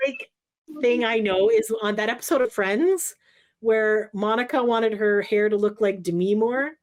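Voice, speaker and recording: A woman co-hosting a podcast, recapping another show in casual chat, full of fillers and quick asides. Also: medium pitch, a little mellow. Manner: rambling, filler-heavy recap. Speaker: podcast co-host.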